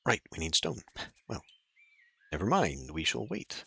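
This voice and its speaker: A man's voice: deep voice, wildly swooping pitch, a little slow, creaky, pauses often, bright, forceful tone, husky, no echo. A man giving casual gameplay commentary as a let's play host, chatty and thinking aloud.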